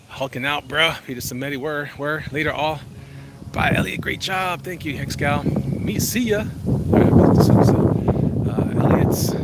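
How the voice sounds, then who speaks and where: A man's voice: mid-range voice, very noisy. Rambling man livestreaming on a walk. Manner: rambling, self-interrupting, jokey. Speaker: vlogger reading live chat. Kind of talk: casual walk-and-talk livestream. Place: outdoors walking.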